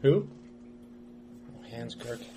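A man's voice: medium pitch, lively intonation, slow pace. A man playing a tabletop game, playful and laughing often. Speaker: player. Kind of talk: casual tabletop play. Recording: noisy recording.

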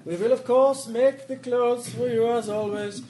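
A man's voice: extremely high pitch, fairly even intonation, a little slow, mellow, voice pushed up. A man voicing a fussy foreign tailor with broken English, fawning and overly polite.

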